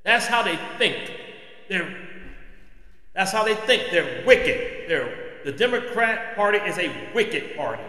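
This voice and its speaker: A man's voice: high-pitched, big pitch swings, takes it slowly, sharp tone. A man hosting his own podcast, delivering an impassioned, preachy opinion monologue. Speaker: podcast host. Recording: echoey room with long reverb.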